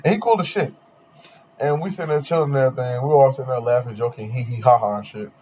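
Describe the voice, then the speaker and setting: A young man hosting a podcast, telling a long dating story in slangy, animated casual chat with quoted voices. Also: mid-range voice, quick pace, a little hiss or hum. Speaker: podcast host.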